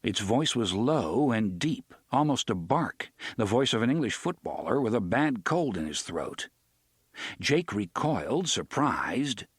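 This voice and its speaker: A man narrating an audiobook in a steady, measured reading. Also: mid-range voice, husky, no echo, clean studio sound.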